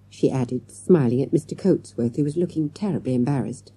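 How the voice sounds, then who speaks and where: A woman narrating a children's mystery audiobook in a lively, expressive storytelling manner. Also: rumbling low, fairly quick, hardly any pauses, husky, no echo. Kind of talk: scripted narration.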